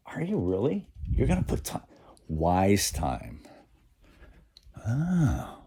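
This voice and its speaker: A man talking in a rambling, animated monologue, acting out quoted voices and dropping now and then to a whisper. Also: fairly low pitch, takes it slowly, breathy edge.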